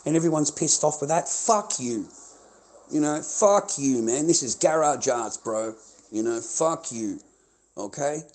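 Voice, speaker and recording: An Australian man rants angrily at his livestream viewers, swearing hard and repeating himself over and over. His voice sits on the high side with a darkish tone.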